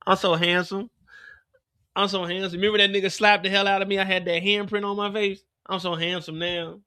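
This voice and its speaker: A man's voice: high-pitched, little pitch movement, brisk, sharp tone, clean tone, dry recording, voice pushed up. A man doing a swaggering, taunting street hustler. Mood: cocky. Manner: swaggering, taunting, laughing at her. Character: cocky, boastful, flirtatious male street hustler.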